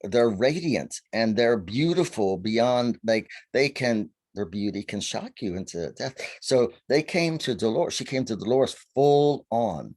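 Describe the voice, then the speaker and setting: With a medium pitch, a slightly slow pace, and few pauses, a man from Virginia, USA, recounts stories as a guest on a video call. He is a faery seer and an animated storyteller who acts out the quotes.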